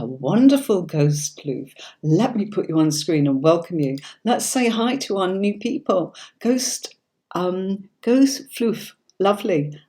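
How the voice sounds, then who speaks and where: A middle-aged woman with a neutral standard British accent hosts a live tarot reading. Her voice sits low and mellow. She chats warmly and reassures, checking in with "okay?" as she goes. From Yorkshire, England. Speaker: tarot reader and livestream host.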